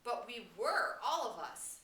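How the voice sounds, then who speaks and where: A woman voicing a shaken, guilt-stricken boy leader who speaks low and stricken. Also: very animated, measured pace, pushed and bright, exaggerated voice. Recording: roomy room, distant mic, faint hiss.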